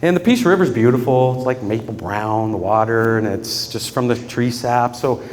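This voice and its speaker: A man's voice: mid-range voice, moderate pace, darkish tone, big-room sound, a little hiss or hum. A man giving a eulogy for his father, telling personal stories in an earnest way and often breaking into laughter. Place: funeral gathering in a room with mourners.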